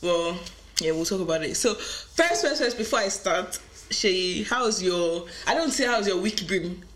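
A woman's voice: mid-range voice, lively intonation, unhurried, a bit bright, a little hiss or hum. A young adult woman hosts her podcast in loose, casual conversation. She rambles cheerfully and laughs often. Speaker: podcast host.

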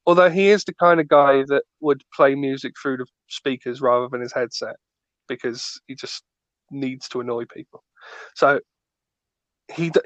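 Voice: medium pitch, no room sound. A podcast co-host in casual chat, ranting with stammering restarts. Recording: dull lo-fi dry recording.

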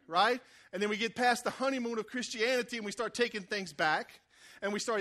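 A man delivers a sermon in an easy, conversational style. His voice sits high and bright, and he keeps calling out to the congregation for a response. He acts out the people in his stories as he goes. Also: brisk. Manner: conversational, call-and-response preaching with acted-out quotes. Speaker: preacher.

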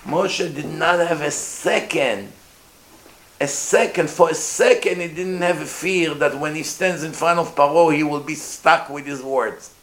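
Speaking a little high and a little slowly, a rabbi leads an informal Torah lecture for a live group. He is animated, quizzes the people there, and performs different voices. His voice echoes around the room, and there is faint background noise.

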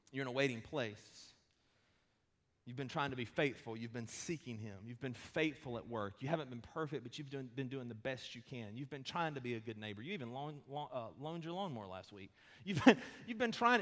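A pastor in his thirties giving a conversational sermon, mixing quick humor with slow emphatic pauses. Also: mid-range voice, animated, fairly bright tone. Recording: long hall reverb.

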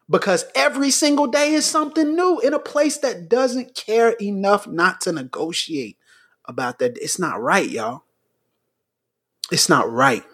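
A man's voice: high voice, lively intonation, a little slow, fairly bright tone, slightly rough. A man co-hosting a podcast, speaking with preacher-like intensity and urgent, rising appeals. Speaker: podcast co-host. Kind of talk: impassioned commentary.

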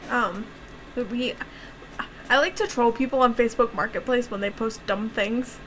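A woman's voice: fairly high pitch, fairly even intonation, normal speed, fairly bright tone, a little hiss or hum, rough recording. A young woman casually co-hosting a podcast, telling stories with sarcasm, frequent swearing and laughter. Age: young adult. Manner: chatty, sarcastic, swears freely, laughs often. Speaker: podcast co-host. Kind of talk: casual chat and true crime storytelling.

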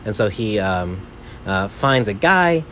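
A man's voice: fairly low pitch, big pitch swings, takes it slowly, fairly bright tone, slight background noise. A young man and podcast host telling a travel story in a rambling casual way, full of "like" and "right?".

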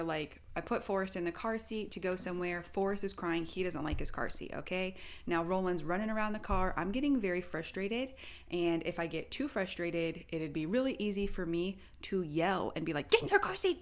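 A young adult woman co-hosting a casual parenting chat, talking in a chatty way and acting out quotes with lively bursts. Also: lowish voice, normal speed. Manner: chatty, quotes herself and her toddler in animated bursts. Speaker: podcast co-host.

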